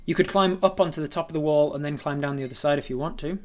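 A man narrating a tabletop game as the game master, relaxed and meandering, with frequent hesitations. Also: on the high side, fast.

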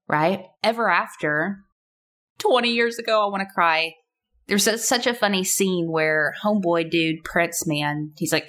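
A woman's voice: sits low, fairly bright tone. A woman in her thirties hosting a casual solo podcast, chatty and playful, full of rhetorical questions. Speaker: podcast host.

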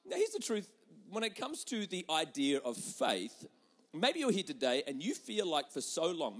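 A young adult man preaching a sermon, telling stories with lively swings between loud and hushed delivery. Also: sits high. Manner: animated storytelling with quick shifts between loud and hushed. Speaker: pastor.

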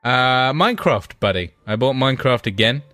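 A man with young kids, co-hosting a casual podcast, telling stories in a sweary, excitable way. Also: medium pitch, moderate pace, no echo. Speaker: podcast co-host. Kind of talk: casual banter.

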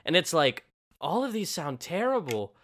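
A man co-hosting a podcast in easygoing chat. His pitch swings around a lot as he talks, and his voice is bright and forward. He slips into little voices when quoting people. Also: normal speed. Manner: animated, acts out quotes in voices. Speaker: podcast co-host. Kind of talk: casual chat.

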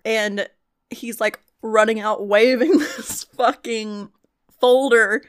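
A woman's voice: medium pitch, steady tone, slow pace. A woman co-hosting a podcast, recapping a TV show in casual chat, blunt and profane, laughing often. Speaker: podcast co-host.

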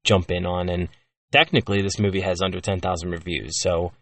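A man co-hosting a podcast, casually introducing a movie review in a relaxed, chatty way with fillers. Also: sits low, a little fast, gravelly, distant mic. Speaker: podcast co-host.

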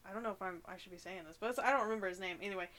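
A young woman with a bright, mid-pitched voice co-hosts a casual podcast. She is wry and chatty and becomes animated when she acts out other people. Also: racing, slight background noise. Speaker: podcast co-host. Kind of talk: casual chat.

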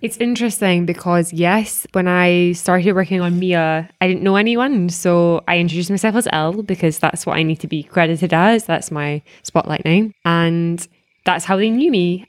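Woman, casual chat, rather low voice, laughs often, trailing ums. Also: clean tone. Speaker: guest actress.

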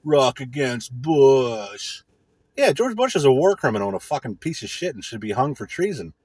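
A man's voice: mid-range voice, huge pitch swings, quick pace, a little mellow, slightly rough, no room sound. A man in a casual monologue as a podcast host, ranting with heavy profanity and mocking impressions.

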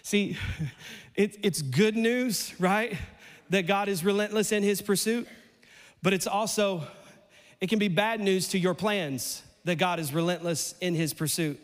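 Animated high-voiced male preacher in a hall. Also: unhurried. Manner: animated, playful preaching that rises to near shouts. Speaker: pastor. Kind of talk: sermon. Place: church.

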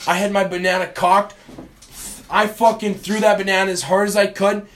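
A young podcast host recounts a prank in a high voice. He swears constantly and tells it with animated relish. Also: moderate pace, a little hiss or hum. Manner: profane, animated storyteller. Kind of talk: casual storytelling chat.

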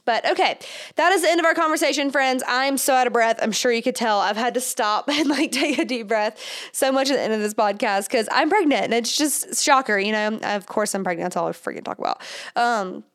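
A woman's voice: on the high side, animated, fairly quick. Chatty young woman podcast host. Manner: chatty, filler-heavy with frequent "like" and "you know". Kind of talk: casual solo podcast talk.

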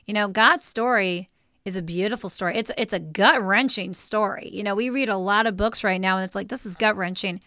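An animated woman talks through a casual faith podcast, close to tears. Her voice is bright and clear, and the recording is dry and close. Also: medium pitch, fairly quick, dry recording. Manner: emotional, animated storytelling. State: teary. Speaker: podcast co-host.

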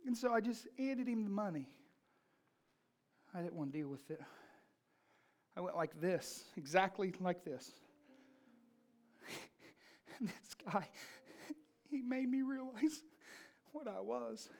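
A woman's voice: medium pitch, expressive, slow pace, pauses often, darkish tone. A woman preaching a sermon, telling a personal story in an emphatic, fervent manner.

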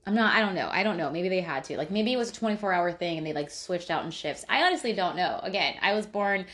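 A woman's voice: fairly low pitch, expressive, fast talker, a bit bright. A woman hosting a casual podcast chat, who swears freely, laughs often, and keeps stopping to correct herself. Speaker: podcast host.

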